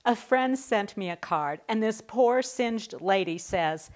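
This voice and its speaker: A middle-aged woman teaching a recorded Bible study lesson to a women's group, warm and encouraging in a conversational way. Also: mid-range voice, expressive, unhurried, hardly any pauses.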